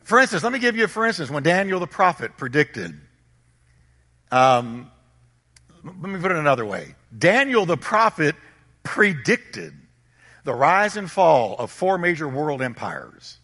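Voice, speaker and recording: A man's voice: on the high side, big pitch swings, a little slow, sharp tone, slightly rough, in a large hall. A man preaching a sermon as a pastor, emphatic, repeating his points and firing rhetorical questions at the congregation.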